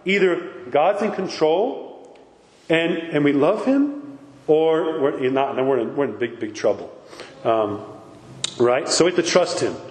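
Here the priest sounds a little high, a little mellow and a little slow, yet expressive. His conversational sermon is emphatic and heavy on rhetorical questions, captured in an echoey hall with faint background noise.

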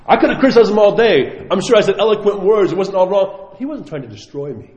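A man's voice: high-pitched, lively intonation, quick pace, a little mellow. A man giving a sermon, telling stories animatedly and acting out the voices he quotes. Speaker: preacher. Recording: echoey hall, dull lo-fi sound.

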